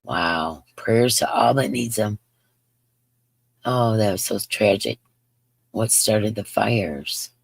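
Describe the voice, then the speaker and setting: A woman's voice: rumbling low, slow pace, creaky, pauses often, husky, no echo. Chatty woman in her fifties, dry sound. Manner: chatty, rambling, reads viewer comments aloud. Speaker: crochet livestream host. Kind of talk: casual livestream chat.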